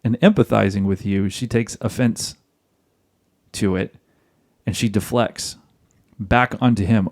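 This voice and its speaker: A man's voice: lowish voice, fairly even intonation, a little slow, pauses often, darkish tone. A man hosting a podcast, giving marriage advice in a direct, lecturing monologue aimed at other men. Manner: direct, lecturing, addresses listeners as guys.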